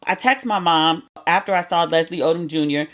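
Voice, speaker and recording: A woman podcast host talking in a loose, storytelling way, her voice sitting a little low. She is candid and chatty, drops slang and the odd swear, and sounds like she is confiding in listeners. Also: fairly quick. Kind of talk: casual storytelling monologue.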